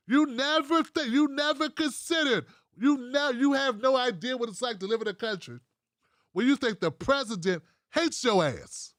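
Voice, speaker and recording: An American man hosts a political livestream, ranting bluntly with heavy profanity and reading viewer comments from the live chat aloud. His voice is very high-pitched and fairly bright, at normal speed, in clean studio sound with no echo.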